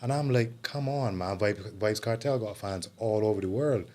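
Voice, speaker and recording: A man hosting a casual chat, asking questions and giving measured opinions. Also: fairly low pitch, dark tone. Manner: inquisitive, measured, asks questions. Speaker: host.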